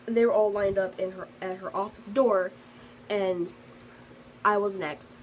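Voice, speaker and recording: A teenage girl recounting her day in a casual storytime vlog, rambling along with plenty of fillers, restarts and asides. Her voice sits at an ordinary middle pitch. A faint hiss of background noise sits under the recording. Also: steady tone, unhurried, low-quality recording. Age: teens. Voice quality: sensitive, earnest storytelling. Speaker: vlogger.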